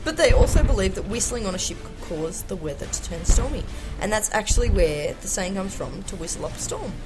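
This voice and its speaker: A woman's voice: medium pitch, animated, a little fast, over music, rough recording. A young woman co-hosting a casual podcast, jokey and giggly, now and then slipping into a pirate voice. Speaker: podcast co-host. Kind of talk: casual chat.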